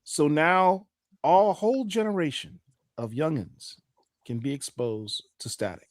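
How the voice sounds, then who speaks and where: A man in his forties hosting a casual podcast chat about comics news, talking in an animated, playful and emphatic way. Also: fairly high pitch, a little slow, no room sound, clean studio sound. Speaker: podcast host.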